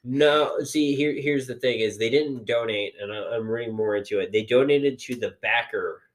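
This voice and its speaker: A man with a mid-range voice co-hosts a podcast at a moderate pace, making easygoing conversation. His talk meanders, is heavy on fillers, and includes the occasional swear word.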